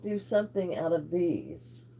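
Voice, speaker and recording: Slow-talking woman crochet streamer. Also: fairly low pitch, huge pitch swings, warm tone, slight background noise. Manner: chatty, greets viewers by name, laughs often. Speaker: crochet livestream host. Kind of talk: casual livestream chat with viewers.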